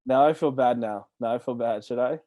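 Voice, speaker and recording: A man on a podcast, ranting heatedly and swearing, with shouted outbursts. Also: mid-range voice, a little fast, a loud crowd. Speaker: podcast guest. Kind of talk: casual ranting chat.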